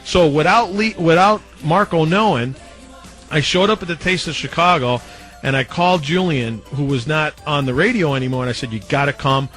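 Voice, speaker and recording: A man with a fairly high voice tells stories in a loose, animated way and slips into the voices of people he quotes. He sounds like a former radio DJ being interviewed. Music plays faintly behind him. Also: moderate pace. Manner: animated, acts out other people's quoted lines. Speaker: former radio mix-show DJ, guest. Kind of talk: casual storytelling interview.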